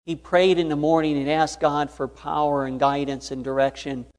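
A man's voice: on the high side, flat delivery, moderate pace, darkish tone. A man preaching a sermon, earnest and fond of repeated emphasis. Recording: long hall reverb.

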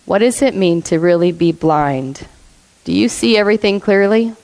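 A woman's voice: mid-range voice, animated, normal speed, a little mellow, poor audio. A woman preaching a sermon to a congregation. She asks the listeners questions, laughs often and acts out the voices in her stories. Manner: acts out quoted voices in a storytelling way.

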